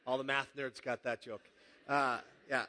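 A man preaching a sermon in a relaxed, joking, conversational way. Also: mid-range voice, moderate pace, in a large hall. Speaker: pastor.

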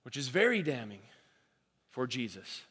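A man preaching a sermon, animated and repeating himself as he acts out quoted voices. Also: mid-range voice, moderate pace, slightly rough. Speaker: pastor. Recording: long hall reverb.

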